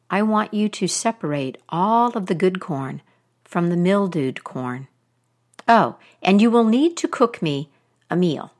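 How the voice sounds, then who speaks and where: Baba Yaga, a woman growling as an old witch. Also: lowish voice. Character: ugly old witch woman, greedy and menacing.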